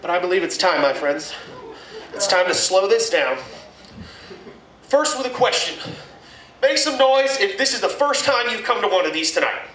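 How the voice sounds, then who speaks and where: A man performing a crude, animated stand-up comedy set in a packed club. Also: high-pitched, moderate pace, long pauses, far from the mic. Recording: echoey room mic'd from afar, loud crowd laughter.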